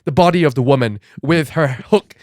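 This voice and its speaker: A man co-hosting a podcast, chatting casually and excitably about a comic, laughing often. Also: a little high, a little fast, dry recording, clean studio sound. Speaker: podcast co-host.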